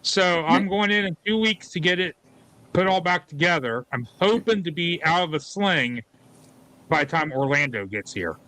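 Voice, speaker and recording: A man talks plainly in a casual group call. His voice is high and bright. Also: lively intonation, normal speed, rough recording. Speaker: livestream guest.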